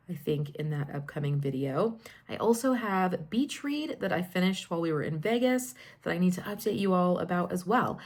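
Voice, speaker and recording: A woman vlogger in her thirties talks straight to her camera at home, chatty and upbeat as she catches her viewers up. Her voice sits a little low for a woman. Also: a little mellow. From Colorado. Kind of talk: casual vlog chat.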